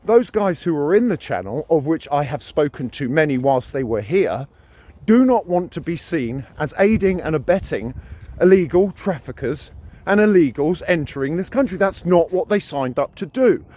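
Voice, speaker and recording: A British man ranting to camera with a fairly high voice that swings widely up and down. He hammers his points home, repeating words and phrases as he goes. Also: expressive, moderate pace, darkish tone. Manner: ranting, emphatic, repeats himself. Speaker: vlogger. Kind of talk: opinion monologue to camera.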